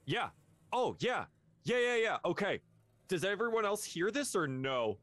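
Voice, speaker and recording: A man playing in a tabletop game, animated, laughing and swearing. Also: high voice, measured pace, no room sound. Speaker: player.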